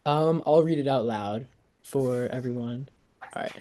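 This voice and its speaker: A teenage boy co-presenting an online workshop, giving upbeat feedback with quick talk and many fillers over a video call. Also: medium pitch, warm tone.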